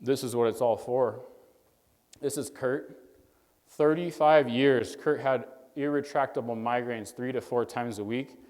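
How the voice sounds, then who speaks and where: Brief: man, mid-pitched, earnest storyteller addressing young doctors from a stage, long hall reverb. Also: darkish tone. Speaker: chiropractor speaking to young doctors. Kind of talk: motivational stage talk.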